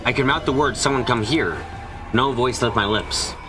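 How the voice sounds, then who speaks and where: Male streamer reading visual novel narration aloud, steady mid voice, music underneath. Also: mid-range voice, normal speed. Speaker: let's play reader voicing a visual novel. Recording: music playing behind.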